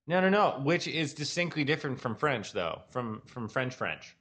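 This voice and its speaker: A man's voice: medium pitch, very animated, moderate pace, a bit bright. A man co-hosting a casual comedy podcast, joking and rambling as he riffs on words. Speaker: podcast co-host.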